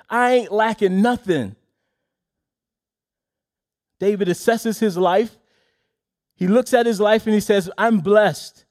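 Guy preaching, kinda high voice, repeats his lines slow for emphasis. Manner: soft, low reading of scripture. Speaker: pastor. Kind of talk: sermon.

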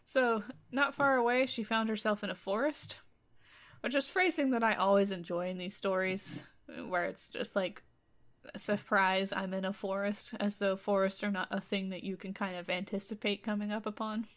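A woman's voice: mid-range voice, fairly even intonation, moderate pace, fairly bright tone. A woman co-host casually retelling a folk tale, with wry, sarcastic asides. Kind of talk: casual comedic storytelling.

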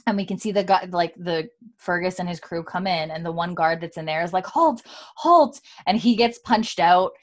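A woman's voice: fairly low pitch, steady tone, a little fast. A woman hosting a casual podcast, telling the plot in a loose, chatty way full of "like" and the odd swear word. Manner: chatty storyteller, retells scenes with lots of "like" and swearing. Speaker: podcast host. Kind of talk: casual recap chat.

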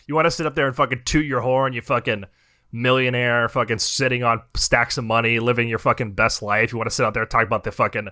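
A young adult man co-hosting a podcast, ranting and swearing in a casual chat and mocking people in quick impressions. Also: medium pitch, fairly even intonation, sharp tone, no room sound, studio quality. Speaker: podcast co-host.

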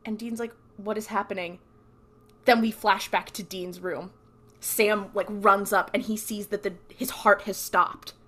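A woman's voice: mid-range voice, a little slow. A woman co-hosting a podcast, recapping a TV episode in casual chat and acting out the lines. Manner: animated storytelling, acts out quotes. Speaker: podcast co-host.

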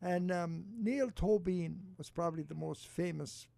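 A man hosting a radio show, chatting casually with a co-host and reading an ad, halting with restarts. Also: high-pitched, creaky, dark tone, no room sound. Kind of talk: casual radio chat and read ad. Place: radio studio.

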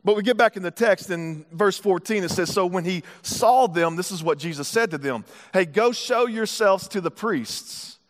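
A man's voice: high voice, moderate pace, hardly any pauses, long reverb tail. A man from the United States preaching a sermon as pastor, casual, with joking asides.

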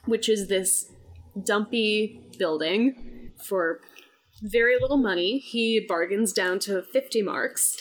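A woman's voice: medium pitch, takes it slowly. A woman co-hosting a casual chat, agreeable and chatty, filling in story details. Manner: agreeable, chatty, frequent backchannels. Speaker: podcast co-host. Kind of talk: casual chat about musical theatre.

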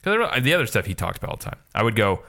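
A man's voice: fairly low pitch, big pitch swings, vocal fry, sharp tone. A man co-hosting a casual podcast, reading news aloud at length and breaking into playful jokes. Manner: jokey, quick asides, playful exaggerated voices. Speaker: podcast co-host.

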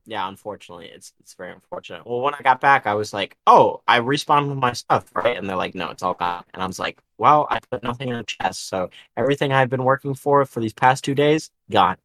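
A man's voice: mid-range voice, expressive, fast, hardly any pauses, fairly bright tone, no room sound. A young man co-hosting a podcast, rambling through a gaming story in casual chat and swearing freely. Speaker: podcast co-host.

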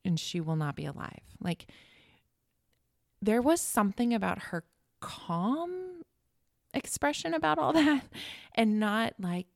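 A woman telling a painful personal story in a halting, emotional way as a podcast guest. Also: fairly high pitch, very animated, creaky, no room sound, clean studio sound. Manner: halting, emotional, reliving the moment. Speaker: guest sharing her story.

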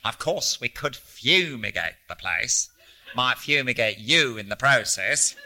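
A man's voice: medium pitch, lively intonation, measured pace, sharp tone, heavily acted. A man voicing a boisterous, taunting old man from the outback in an audiobook reading, raised and mocking. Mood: menacing. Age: older.

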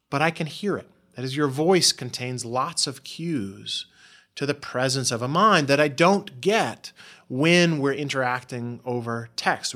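Bright-voiced researcher explaining. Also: male voice, mid-range voice. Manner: animated, explanatory, restarts words. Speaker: guest researcher. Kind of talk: interview answers.

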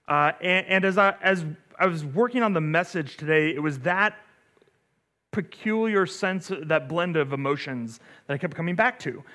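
Middle-aged pastor guy telling a story in his sermon, bright voice, kinda high, lots of uh and right?. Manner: chatty, full of fillers and restarts, says "right?" often.

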